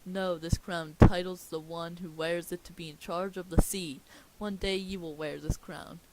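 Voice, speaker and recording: A woman's voice: on the low side, fairly even intonation, moderate pace, darkish tone, a little hiss or hum, natural voice, poor audio. A woman reading the lines of a pompous, stern male sea king in a self-important voice.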